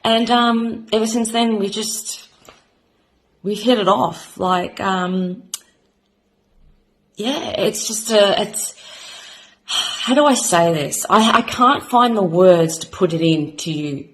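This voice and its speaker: A woman in her thirties with an Australian accent, giving a rambling, heartfelt self-introduction as a new beauty vlogger, halting and full of fillers, close to tears. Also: medium pitch, fairly bright tone, rough recording.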